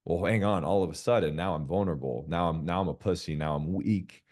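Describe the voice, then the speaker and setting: A man's voice: sits low, brisk, a little mellow. A man, a podcast guest, talking frankly in casual conversation, swearing freely and acting out quoted dialogue in other voices.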